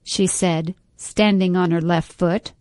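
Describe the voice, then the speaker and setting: Low-voiced woman reading a story aloud. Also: steady tone, slow pace, darkish tone, dry recording. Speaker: narrator. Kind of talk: storybook narration.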